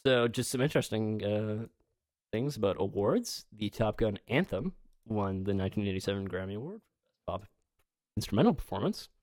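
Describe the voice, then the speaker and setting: With a low-leaning, slightly mellow voice that moves a little fast, this man co-hosts a podcast in an expressive, casual way. He rambles, laughs a lot, and occasionally swears, and the clean studio recording has no echo.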